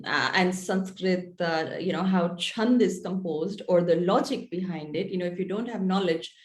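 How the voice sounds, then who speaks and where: A woman author being interviewed, explaining things in an earnest, thoughtful way. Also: medium pitch. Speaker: author guest. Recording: echoey room.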